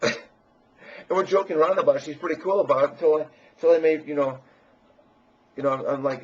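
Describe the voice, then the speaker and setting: Man with a fairly high, husky voice, rambling crudely and boastfully to camera on a dull lo-fi mic. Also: fairly even intonation, brisk, pauses often. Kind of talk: rambling personal monologue.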